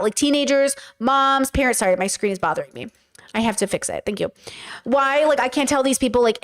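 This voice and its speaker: A woman's voice: high voice, a little fast. Blunt, profane woman streamer. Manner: blunt, profane, animated storytelling. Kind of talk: casual commentary stream.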